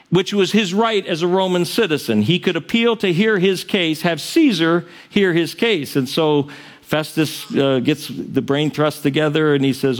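A man's voice: on the high side, moderate pace. A male pastor preaching a sermon, retelling a story in a casual, conversational way with frequent asides.

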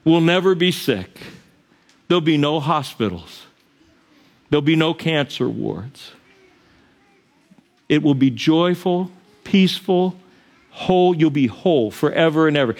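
A middle-aged man preaching a sermon to his congregation in a church, earnest, chuckling between points. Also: on the high side. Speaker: pastor. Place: church sanctuary.

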